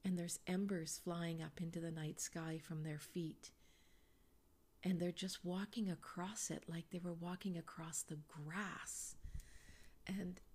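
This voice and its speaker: A middle-aged woman, a psychic reader, telling a personal story slowly with breathy, animated asides in a podcast Q&A. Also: fairly low pitch.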